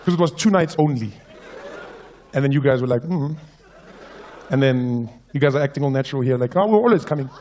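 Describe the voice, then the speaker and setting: A young man doing stand-up, telling animated stories. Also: mid-range voice, quick pace, noisy background. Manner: animated storytelling, switches into voices. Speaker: stand-up comedian. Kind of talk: stand-up comedy.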